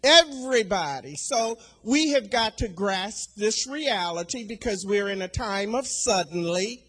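Older woman preacher, very unhurried delivery, builds to loud repeated declarations. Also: medium pitch, lively intonation, slightly rough, faint music behind. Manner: slow and deliberate, swelling to loud emphatic declarations; repeats key phrases for emphasis. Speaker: speaker at a women's church gathering. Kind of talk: sermon testimony.

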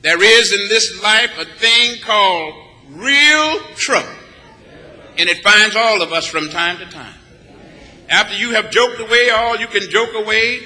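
A preacher from Texas builds his sermon with rhythmic, emphatic repetition. His voice is high and very bright, and the long reverb of a large church follows his words. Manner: rhythmic, emphatic, with repeated phrases. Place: church sanctuary. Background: congregation answering back.

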